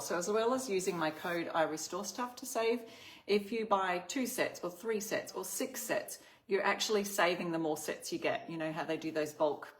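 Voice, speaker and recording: An Australian woman hosting a casual craft livestream, chatting and reading out viewer comments. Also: fairly low pitch. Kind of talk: casual live-stream chat.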